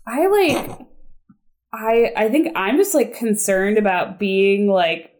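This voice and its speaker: A woman's voice: medium pitch, slow pace, darkish tone. A young adult woman telling her recovery story as a podcast guest, rambling and self-deprecating, with lots of "like". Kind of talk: casual conversational storytelling.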